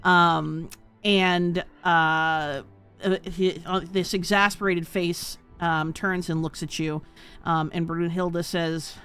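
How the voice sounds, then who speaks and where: Woman running a tabletop game, smooth clear voice, rambles with lots of ums and uhs. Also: on the low side, fairly even intonation, slow pace, fairly bright tone, faint music behind. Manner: chatty, many "um"s and "uh"s. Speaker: game master.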